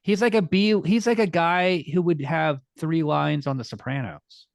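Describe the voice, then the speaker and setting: Podcast co-host from New Jersey, man, fairly high voice, measured and argumentative. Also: vocal fry, no echo, clean studio sound. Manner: measured, pushes back on others. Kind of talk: casual chat.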